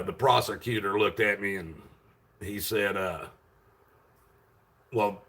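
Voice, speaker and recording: A man loudly retelling a story to his channel viewers, rambling with many fillers and restarts. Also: lowish voice, gravelly, breathy edge. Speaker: vlogger. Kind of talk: casual storytelling to camera.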